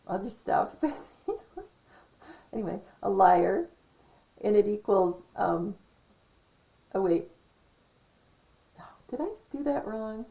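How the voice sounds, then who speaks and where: Slow, gravelly-voiced woman vlogger. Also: mid-range voice, warm tone, low-quality recording. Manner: self-correcting, digressive, reads from notes. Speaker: conspiracy vlogger. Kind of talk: casual rambling commentary.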